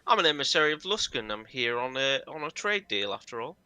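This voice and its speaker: A man's voice: medium pitch, very animated, brisk, sharp tone, clean tone, no echo. A man voicing a genial, well-dressed male goblin merchant who speaks plainly, with no goblin yipping.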